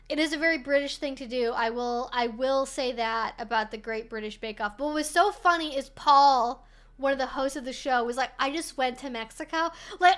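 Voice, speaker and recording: A woman hosting a casual livestream rambles along, saying "like" constantly and swearing often. Her voice is high-pitched and a bit bright.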